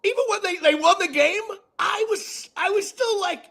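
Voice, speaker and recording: A man hosting a casual sports chat show, an excitable storyteller who laughs often and acts out what people said. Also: extremely high pitch, normal speed, creaky. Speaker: podcast host.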